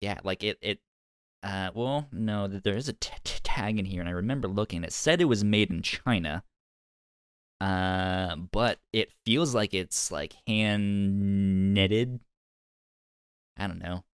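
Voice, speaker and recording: A man with a lowish, smooth voice chats casually on a podcast. He stops and restarts often. The sound is close and dry. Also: no echo. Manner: hesitant, halting, many restarts. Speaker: podcast host. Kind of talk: casual chat.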